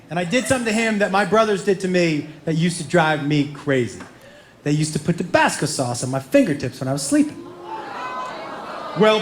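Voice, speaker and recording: A middle-aged man doing stand-up, telling stories in an animated way, laughing and acting out quotes with loud yelps. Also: high-pitched. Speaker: stand-up comedian. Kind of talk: stand-up storytelling. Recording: echoey venue with background noise.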